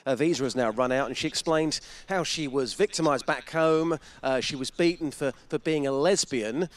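A man's voice: mid-range voice, normal speed, no room sound. A man co-presenting a radio show, telling anecdotes and acting out the people in them. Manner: chatty anecdotal storyteller, acts out voices. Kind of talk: casual radio chat.

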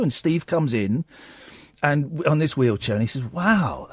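A man hosting a radio show, telling stories in a casual, animated way, acting out people's lines and going soft and quiet when he is moved. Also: fairly high pitch, moderate pace, husky, no echo, studio quality. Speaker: radio host. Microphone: studio microphone.

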